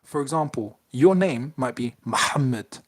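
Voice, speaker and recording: A man's voice: medium pitch, expressive, moderate pace. Playful man hosting a casual quiz. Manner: playful, chatty, reads quiz questions. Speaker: podcast co-host, quizmaster. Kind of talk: casual chat.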